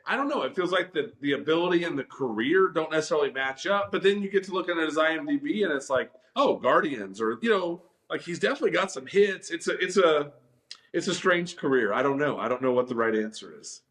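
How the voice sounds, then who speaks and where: A man's voice: fairly high pitch, expressive, quick pace, a bit bright. A man co-hosting a casual movie review chat, hesitant at first and dryly dismissive of the film. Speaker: podcast co-host.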